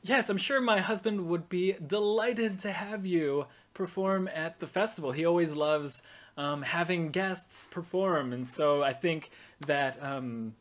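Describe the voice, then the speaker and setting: A game master voicing an excitable older baroness who fusses over her guests and presses food on them. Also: mid-range voice, a little slow, pitched above the performer's own voice, lightly acted. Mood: gushing. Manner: gushing, eager to please, pushy with food.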